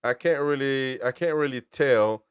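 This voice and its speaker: A man's voice: medium pitch, unhurried, clear, resonant tone, no room sound, clean studio sound. A man hosting casual football talk, rambling with restarts and throwing in "man". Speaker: host.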